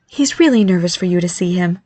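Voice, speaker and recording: A woman's voice: lowish voice, expressive, fairly quick. A woman voicing a soothing, reassuring middle-aged mother in a storybook reading. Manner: soothing, gently persuasive.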